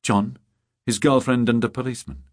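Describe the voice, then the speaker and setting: Man voicing calm young woman, steady, almost warm, audiobook, dry close sound. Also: mid-range voice, brisk, no echo, pitched above the performer's own voice, close to an everyday voice.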